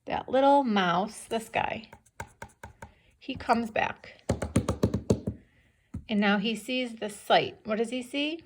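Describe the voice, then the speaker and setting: A woman's voice: fairly high pitch, slow, pauses often, slight background noise. A woman teacher reading a story aloud to young children, patiently stopping to ask them questions. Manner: patient, questioning, checks understanding. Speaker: second-grade teacher.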